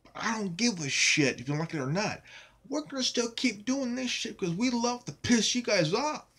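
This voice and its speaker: A YouTube channel host with a high, slightly bright, husky voice and lively intonation talks at a moderate pace. In a vlog monologue he rants angrily and defiantly at his critics, swearing constantly and emphatically hammering the same phrases again and again.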